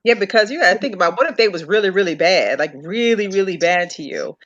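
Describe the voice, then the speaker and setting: A woman's voice: mid-range voice, expressive, fast talker. A woman hosting a live stream talk show, chatting casually and stressing her points by repeating words. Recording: slightly dull lo-fi stream audio.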